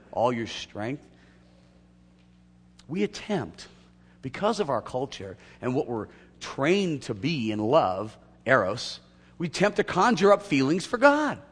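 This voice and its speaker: A man preaching in a church sanctuary with a slightly husky voice. His pitch leaps and falls as he moves from loud emphatic peaks to hushed asides. A long reverb trails behind his words. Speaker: pastor. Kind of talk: sermon.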